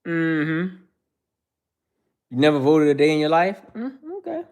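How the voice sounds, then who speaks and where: On a livestream, a male host talks to viewers by name in casual, heated, preachy bursts, calling everyone "bro" nonstop. His voice is fairly high, animated and smooth, with a darkish tone, and he doesn't rush.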